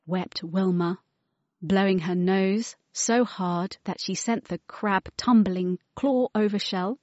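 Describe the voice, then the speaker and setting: A woman reading a children's storybook aloud with an expressive manner. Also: on the low side, a little slow, dry recording, muffled recording.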